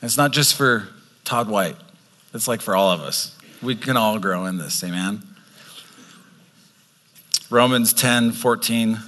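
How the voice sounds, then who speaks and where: A man's voice: fairly low pitch, slow, long pauses, sharp tone, big-room sound. A man in the role of pastor, earnestly encouraging the congregation as he closes the service. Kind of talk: sermon wrap-up.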